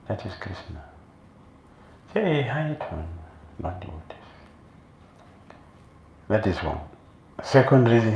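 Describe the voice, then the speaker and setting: A man monk giving a sermon as an animated storyteller, recorded in a temple hall. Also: on the low side, creaky. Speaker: monk preacher. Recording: echoey room, faint noise.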